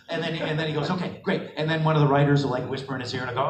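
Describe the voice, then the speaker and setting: A man's voice: on the high side, rapid-fire, few pauses. A middle-aged man answering fan questions at a convention panel, laughing and acting out the people in his stories. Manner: animated, laughing, acts out quotes. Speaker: panel guest voice actor. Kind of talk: convention Q&A storytelling. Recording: echoey hall recorded from far off on a phone, noisy.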